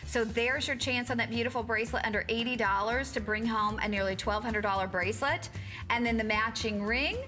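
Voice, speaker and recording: A woman hosting a shopping channel, chatty and upbeat, pitching jewelry and reading out how many are left. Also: fairly quick, sharp tone, soft background music. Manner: upbeat, chatty, reads out stock counts. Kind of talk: live TV sales patter.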